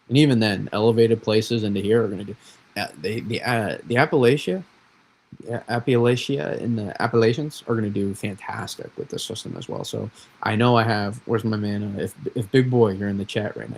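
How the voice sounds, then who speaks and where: Gravelly-voiced chatty weather host. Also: male voice, fairly low pitch, poor audio. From New England. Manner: rambling, self-correcting, chatty. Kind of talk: casual livestream weather analysis.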